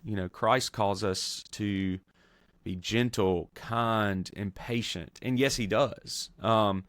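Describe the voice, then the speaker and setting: A man, a pastor and podcast host, talking through theology in an earnest, measured way, with many fillers and restarts. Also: lowish voice, steady tone, fairly bright tone, no room sound, studio quality. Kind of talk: conversational theology discussion.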